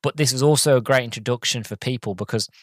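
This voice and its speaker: A man's voice: mid-range voice, fast talker, no room sound. A man hosting a podcast alone, talking casually and earnestly, with many ums and restarts and a voice that gets emotional. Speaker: podcast host. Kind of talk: casual solo podcast talk.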